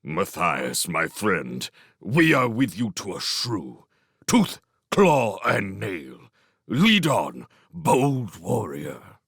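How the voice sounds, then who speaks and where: A man voicing a gruff, hot-tempered older male shrew leader in a storybook reading. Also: sits low, huge pitch swings, extremely slow, fairly bright tone, dry recording, studio quality, heavily acted. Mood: rousing. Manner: gruff, scolding.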